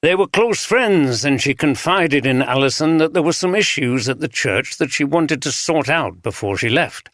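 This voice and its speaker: A man's voice: fairly high pitch, lively intonation, normal speed, hardly any pauses, fairly bright tone, no echo, studio quality, voice pushed up. A man voicing a plain-spoken male detective chief inspector with a northern English accent. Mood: businesslike.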